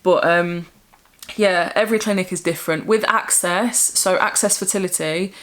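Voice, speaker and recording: A woman's voice: lowish voice, moderate pace, a bit bright, slight background noise. A young adult woman from England chatting candidly and in a rambling way as a vlogger. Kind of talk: casual chat.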